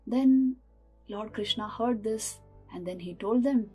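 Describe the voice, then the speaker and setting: A woman's voice: a little high, slow pace, darkish tone, husky, soft background music. A woman, a monastic teacher giving an earnest spiritual talk that mixes rhetorical questions with storytelling. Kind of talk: sermon.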